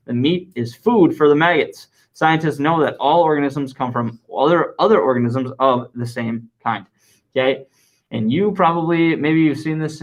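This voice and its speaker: Guy teaching science to a class, lively, repeats stuff slow so kids can write it. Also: mid-range voice, rough recording. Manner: lively, dictates slowly and repeats answers. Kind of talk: classroom lesson.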